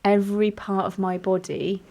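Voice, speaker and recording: A woman's voice: mid-range voice, fairly even intonation, normal speed, vocal fry, dark tone. Enthusiastic woman host in her thirties. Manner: enthusiastic, storytelling, laughs often. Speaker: podcast host. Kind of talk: conversational interview.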